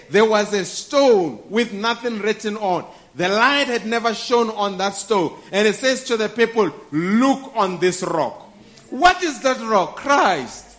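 A man preaching a sermon to a congregation, building to shouted peaks and then dropping soft and low.

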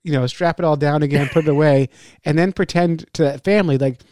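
A man co-hosting a fishing podcast, a laughing, animated storyteller in casual chat. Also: on the high side, quick pace, no echo, studio quality. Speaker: podcast co-host and fishing guide.

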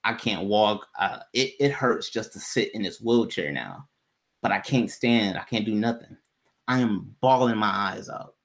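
A man's voice: on the low side, moderate pace. A man in casual conversation, telling a personal story in a candid, loose way with plenty of swearing.

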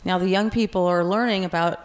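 Female co-host, excitable, chatty, jumps in with questions. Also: fairly low pitch, fairly quick. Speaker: talk show co-host. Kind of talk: casual chat.

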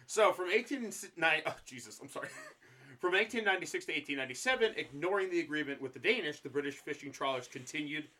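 A man co-hosting a podcast, telling history in a loose, profane way. He jokes, swears freely and breaks into laughter often. His voice sits a little high for a man. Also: animated, fast, pushed and bright. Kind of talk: casual profane chat.

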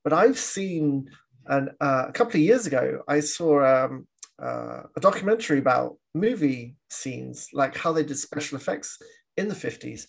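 A man's voice: medium pitch, lively intonation, moderate pace, creaky. A man co-hosting a podcast, chatting casually about old films, laughing often and acting out quoted lines. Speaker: podcast co-host. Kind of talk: casual film discussion.

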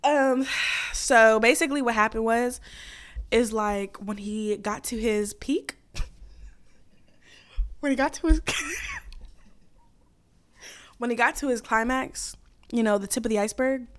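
A woman's voice: on the high side, normal speed, long pauses. Giggly chatty young woman storyteller. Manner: chatty, giggly, heavy filler words. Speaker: podcast host. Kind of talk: casual storytelling.

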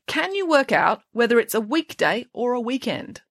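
A woman reading aloud, voicing a clever, deadpan teenage girl who speaks precisely and matter-of-factly. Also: fairly high pitch, moderate pace, dry recording, pitched above the performer's own voice. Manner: precise, dry, matter-of-fact.

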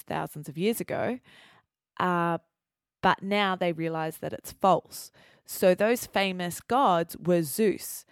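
A woman hosting a show who explains English words clearly and then interviews a guest. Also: on the low side, dry recording, studio quality. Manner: clear, measured teaching delivery. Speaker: host and English teacher.

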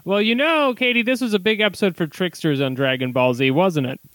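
A man's voice: high-pitched, fairly quick, a bit bright, dry recording. A man co-hosting a casual comedy podcast, riffing on jokes with crude humor. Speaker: podcast co-host.

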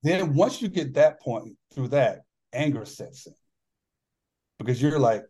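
A man's voice: mid-range voice, animated, a little slow, warm tone, breathy edge. Earnest man telling his story. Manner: earnest, reflective, acts out dialogue in his stories. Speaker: podcast guest, author and former athlete. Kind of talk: candid personal storytelling.

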